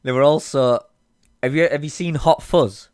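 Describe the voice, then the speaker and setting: A man's voice: on the high side, normal speed, darkish tone, clean tone, no room sound, clean studio sound. A young man co-hosting a podcast, drunk, swearing and rambling through casual chat. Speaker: podcast co-host.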